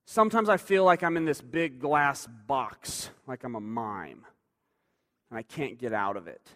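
A male preacher giving a sermon in a conversational way, moving between loud emphasis and quiet asides. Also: medium pitch, expressive, measured pace. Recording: long hall reverb.

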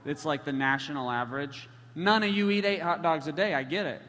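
Preacher, male, higher bright voice, lively and joking with the crowd, heard in a hall. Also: fairly quick, slight background noise. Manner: animated, joking with the congregation. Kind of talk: sermon storytelling. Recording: long hall reverb.

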